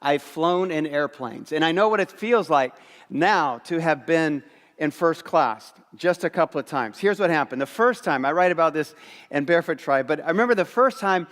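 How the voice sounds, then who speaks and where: A pastor preaching a sermon, telling a humorous, self-mocking story in a lively storytelling way. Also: male voice, fairly high pitch, moderate pace, big-room sound. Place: church auditorium.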